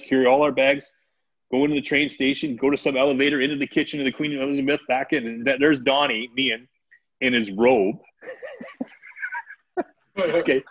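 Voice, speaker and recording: Male guest, casual storyteller, animated delivery with acted quotes; dull lo-fi recording. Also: mid-range voice. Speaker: podcast guest.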